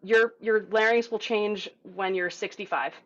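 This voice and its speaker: A young adult woman coaching an online group voice lesson, calm and encouraging as she talks through breathing and resonance exercises. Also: medium pitch, unhurried, highs cut off. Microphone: video call mic.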